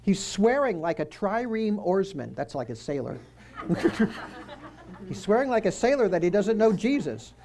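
A man's voice: sits high, sing-song, moderate pace, gravelly, hardly any pauses, darkish tone. A man giving a conversational Bible teaching. He quizzes his listeners and drops joking asides as he walks through the passage.

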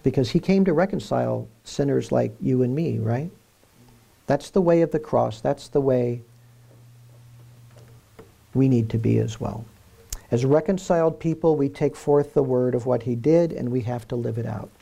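A man's voice: mid-range voice, normal speed, gravelly, dark tone, husky. A man preaching a sermon in an earnest way, repeating key phrases for emphasis.

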